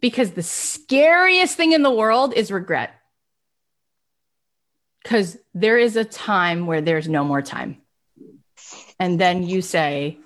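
A woman giving an energetic motivational talk as host of a live online session, addressing viewers directly. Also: on the low side, slow pace, pauses often.

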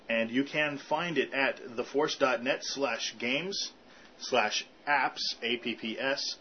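Laid-back man co-hosting a fan podcast. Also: mid-range voice. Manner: laughs often, reads out web addresses. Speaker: podcast co-host. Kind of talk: casual chat. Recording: dull lo-fi recording with faint hiss.

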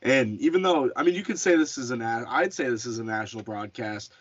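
A man's voice: medium pitch, a little fast, slightly rough. A man hosting a casual sports podcast, chatty, often restarting and correcting himself. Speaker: podcast host. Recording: dull lo-fi audio.

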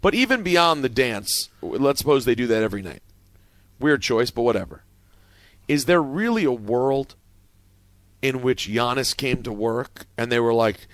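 A man hosting a sports talk radio show, animated and jokey as he steers the banter. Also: medium pitch, normal speed, no room sound. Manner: animated, jokey, leads segments. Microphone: studio microphone.

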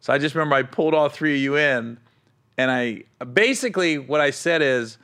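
A man's voice: a little high, lively intonation, a little fast, fairly bright tone. A man, a touring stand-up comic, telling road stories in casual chat, often laughing and acting out other people's voices.

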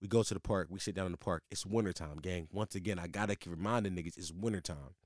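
A man in his twenties telling a casual, profane story in slang, with his voice jumping high when he gets exasperated. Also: quick pace, no room sound, studio quality.

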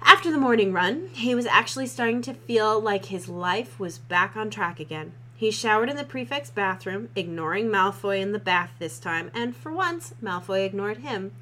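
A woman's voice: mid-range voice, expressive, moderate pace, few pauses, fairly bright tone, a little hiss or hum, low-quality recording. A woman co-hosting a podcast, reading a fan fiction aloud and breaking off for sardonic, laughing asides. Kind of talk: casual chat and mocking read-aloud.

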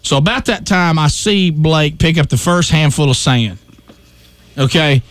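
A man hosting a talk radio show, telling an animated story and acting out his own shouts. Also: a little high, a little slow, no room sound.

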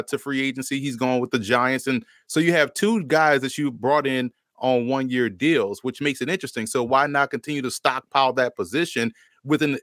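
A man's voice: medium pitch, a bit bright, no echo, studio quality. A man appearing as a guest draft analyst, confidently laying out his reasoning point by point. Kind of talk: casual podcast analysis.

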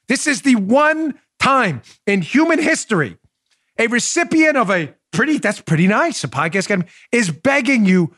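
A man with a fairly high, lively voice that leaps up and down as he riffs. He hosts his political podcast in a jokey, excitable monologue. The sound is close and dry, with no room around it. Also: no room sound. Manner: excitable, mock-pleading, jokey. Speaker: political talk show host.

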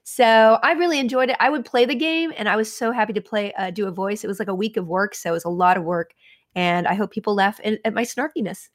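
A woman's voice: mid-range voice, fast talker. A woman guest in casual chat, playful and teasing.

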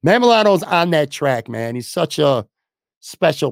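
A hoarse man hosting a sports podcast, talking bluntly and rambling with some swearing. His voice sits a little high for a man and has a gravelly, creaky edge. The sound is close and dry, with almost no room. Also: very animated, a little slow, dry recording. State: losing his voice. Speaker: podcast host. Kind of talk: casual sports talk.

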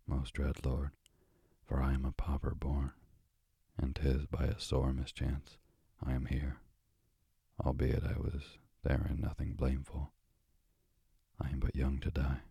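A man's voice: rumbling low, creaky, mellow, breathy edge, dry recording, clean studio sound, exaggerated voice. A man voicing a frightened young pauper boy who pleads in humble, archaic speech.

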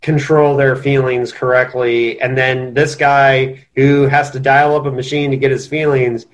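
A man's voice: medium pitch, little pitch movement, unhurried. Podcast co-host, male, mid voice, earnest, restarts a lot mid-thought. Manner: earnest, thinks aloud with restarts. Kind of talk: casual book discussion.

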